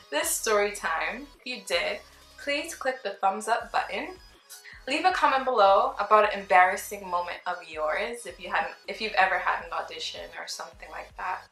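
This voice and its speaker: A young woman vlogger telling a casual storytime, chatty and animated, acting out the people she quotes. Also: mid-range voice, a little slow. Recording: roomy with faint background music.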